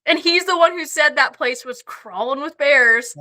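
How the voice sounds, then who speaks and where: High, bright-voiced woman telling stories. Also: normal speed. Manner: profane, laughing anecdotes. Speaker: podcast guest. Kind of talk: casual storytelling.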